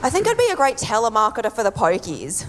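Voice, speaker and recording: Australian woman stand-up, high lively voice, deadpan jokes, long echo and loud noise behind. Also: fast. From born abroad, raised in Australia. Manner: deadpan delivery with jumps into high mock voices. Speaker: stand-up comedian. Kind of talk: stand-up comedy set. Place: comedy club stage. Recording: echoey venue with loud background noise.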